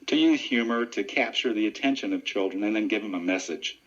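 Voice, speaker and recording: A man who works as a deputy sheriff and ventriloquist, answering radio interview questions in an earnest, steady and informative way. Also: lowish voice, fairly quick. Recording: dull lo-fi radio audio.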